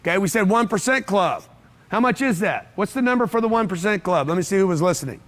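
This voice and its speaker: A man's voice: high voice, animated, fast talker, a bit bright. A man giving a brash, punchy motivational talk to a live audience in an event room, hammering home repeated phrases. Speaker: motivational speaker.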